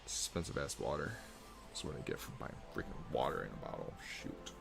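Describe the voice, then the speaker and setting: A man's voice: a bass voice, very animated, brisk, gravelly, music in the background. A young man chatting casually and rambling while he draws live at home, speaking close into a good desk mic. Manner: rambling, self-deprecating, chatty with filler words. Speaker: artist drawing live. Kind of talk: casual live-stream chat while drawing. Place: hot room at home.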